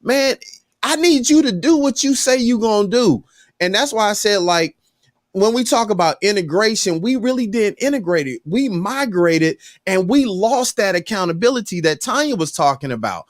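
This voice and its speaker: A man with a notably high voice, chatting on a podcast. He tells stories with emphatic, sermon-like conviction. The sound is dry and close. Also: expressive, moderate pace, dry recording. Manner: emphatic storyteller, preachy. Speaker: podcast co-host. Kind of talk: casual chat.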